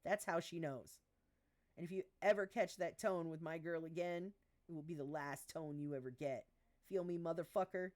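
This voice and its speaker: A woman's voice: low voice, normal speed, close to an everyday voice. Woman voicing a tough, sweary woman fighter. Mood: calm menace. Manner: calm menace that turns to sharp, sweary barking. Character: tough, profane young woman fighter, fiercely protective.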